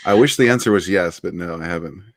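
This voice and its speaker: A man's voice: sits low, quick pace, dry recording, studio quality. A man being interviewed on a casual livestream, laid-back and rambling, laughing often. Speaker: interviewed author.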